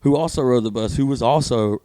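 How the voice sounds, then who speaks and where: Man, rambling profane storyteller, mid pitch, dry room. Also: brisk, mellow, dry recording. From Alabama. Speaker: guest comedian. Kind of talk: casual podcast chat.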